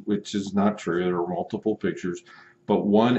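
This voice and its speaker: A man's voice: deep voice, fairly even intonation, moderate pace, mellow, roomy sound, muffled recording, a little hiss or hum. A man hosting a casual vlog, telling a story in an amused, incredulous way with frequent chuckles. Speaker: online seller and video host.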